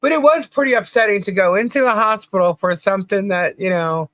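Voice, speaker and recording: Animated woman telling a story, laughing. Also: mid-range voice, a little fast, no echo, low-quality recording. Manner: animated storyteller, laughs often, reads out chat names. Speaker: podcast co-host. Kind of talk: casual livestream chat.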